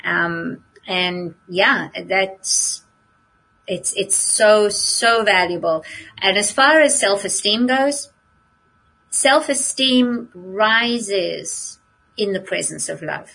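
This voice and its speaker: Husky woman telling a story. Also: mid-range voice, extremely slow, low-quality recording. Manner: animated storyteller, laughs often. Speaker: podcast co-host. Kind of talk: casual chat.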